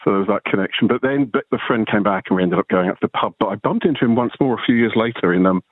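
A man in his sixties calling into a radio show, telling an animated story and acting out the voices of the people in it. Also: fairly low pitch, rapid-fire, no echo. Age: 60s. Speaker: caller. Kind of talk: phone-in anecdote. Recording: tinny phone line.

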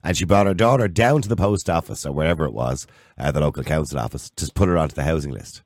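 Irish radio host, low voice, calm and measured, dry sound. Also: male voice, dry recording. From Ireland. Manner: measured, pushes back. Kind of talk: radio talk show chat.

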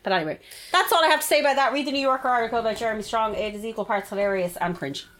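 Brief: woman podcast co-host, rapid and blunt, plenty of swearing. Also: on the high side, fairly bright tone. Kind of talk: casual banter.

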